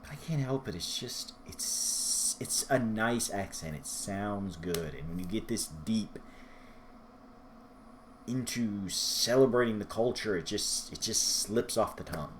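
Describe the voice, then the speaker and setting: A man's voice: lowish voice, expressive, slow, slight background noise. A man talking through a book review in a rambling, self-deprecating vlog style. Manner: rambling, self-deprecating, loses his place in his notes.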